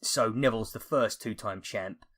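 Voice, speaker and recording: A man hosting a podcast in a fairly low voice. He leads the discussion in a steady, brisk way and hands the floor to guests. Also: husky. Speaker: podcast host. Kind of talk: casual podcast chat.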